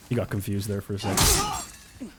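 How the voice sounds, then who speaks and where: A man chatting casually as a live game streamer, excitable and giggly. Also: fairly low pitch, very noisy.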